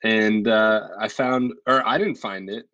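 A man's voice: fairly low pitch, fairly even intonation, a little slow, sharp tone, muffled recording, soft background music. A man co-hosting a casual podcast, laid-back and hesitant with many fillers. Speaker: podcast co-host, pastor. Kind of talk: casual chat. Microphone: remote call.

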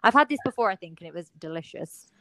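A woman's voice: on the low side, lively intonation, fast talker, pushed and bright, no room sound, low-quality recording. Chatty woman podcast host, dry sound. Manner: chatty, teasing. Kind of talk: casual chat. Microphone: video call.

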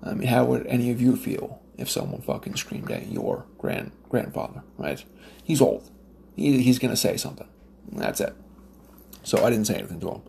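With a gravelly, dark voice of medium pitch that swoops wildly, this Nova Scotian man talks at a normal speed. He's a smoker telling stories, ranting loosely and profanely with many fillers and restarts over slight background noise.

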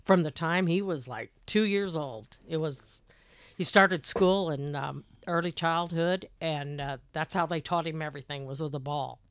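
A woman's voice: low-pitched, moderate pace, dry recording. Older mother reminiscing in casual chat. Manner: warm reminiscing, finishing others' sentences.

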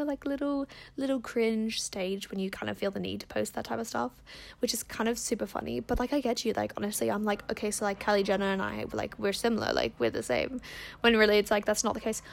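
A woman's voice: medium pitch, gravelly. A woman hosting a casual advice podcast, chatting in a rambling way with lots of fillers. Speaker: podcast host.

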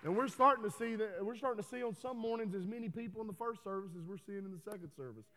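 Man, pastor, high voice, folksy sermon, long hall reverb. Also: very fast, slight background noise. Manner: folksy, preachy, builds to loud emphatic calls. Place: church hall.

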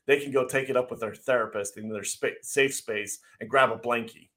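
A man holds forth on a casual talk show, blunt and heated, laughing now and then. His voice sits in an ordinary middle pitch. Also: fairly even intonation, brisk, a bit bright. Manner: blunt, ranting, laughs often. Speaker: podcast co-host. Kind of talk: casual opinionated chat.

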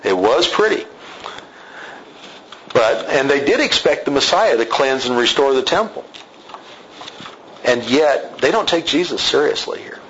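A man's voice: mid-range voice, expressive, unhurried, long pauses, a bit bright, lo-fi sound, a little hiss or hum. A man teaching through a Bible passage verse by verse, in a conversational way, with asides and self-corrections.

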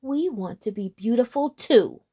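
A pair of greedy, dim-witted storybook hills, put on by a woman reader, eager and childish. The voice is pushed up high above her usual tone and rings with excitement. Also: measured pace, slightly rough. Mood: coaxing, excited. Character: greedy, simple-minded hills.

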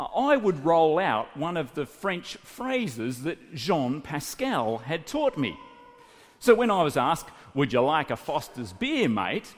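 A man in his late thirties from New South Wales with an Australian accent, preaching a sermon as animated storytelling. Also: fairly high pitch. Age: late 30s. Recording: reverberant hall.

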